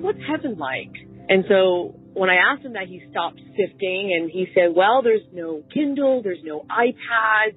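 Heartfelt woman on a tinny phone line. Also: medium pitch. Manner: earnest, halting, heartfelt retelling. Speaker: listener sharing a story. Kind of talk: casual personal storytelling.

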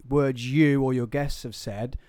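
A man's voice: mid-range voice, steady tone, darkish tone, clear, resonant tone, dry recording, clean studio sound. A man hosting a podcast, talking conversationally and correcting himself as he asks questions. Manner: conversational, halting, self-correcting. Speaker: podcast host. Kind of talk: casual chat.

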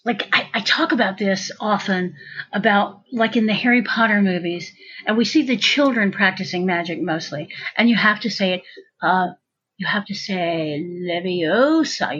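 A woman's voice: mid-range voice, fairly bright tone, slightly rough. A woman in casual conversation, chatty and rambling, often restarting her sentences. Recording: dull lo-fi sound.

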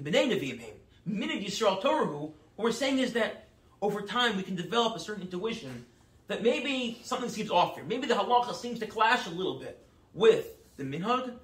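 A man giving a Torah class lecture, telling stories in an animated way and acting out the quotes. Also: sits high, echoey room. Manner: animated storytelling, acts out quotes with quick asides. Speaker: rabbi teaching a class.

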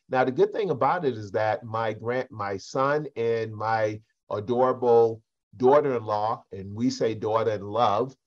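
A man's voice: mid-range voice, muffled recording. An older man with a South Carolina Geechee accent, a pastor and community advocate speaking on a discussion panel, telling folksy stories and addressing the others by name.

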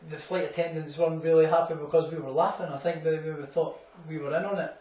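A man's voice: fairly high pitch, fairly even intonation, quick pace, dark tone, distant mic. A young Scottish man, a boxer, telling rambling anecdotes in a casual interview, full of fillers and laughs. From Scotland. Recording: echoey room, off-mic, faint hum.

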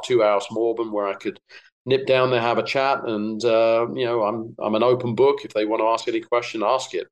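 A man's voice: medium pitch, rough recording. Middle-aged English-accented man, podcast guest, easygoing anecdotal delivery, filler words. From England. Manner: relaxed storytelling with many fillers. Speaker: guest, golf broadcaster. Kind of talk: casual podcast chat.

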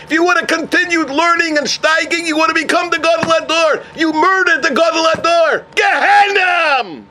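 A man putting on a stern heavenly voice that passes judgment, shouting accusations and drawing out its proclamations. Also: very high voice, wildly swooping pitch, slow pace, background noise, exaggerated voice. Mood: thundering, accusing.

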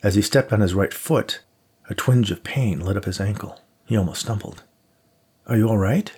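A man narrating an audiobook in a steady, measured way. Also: on the low side, husky.

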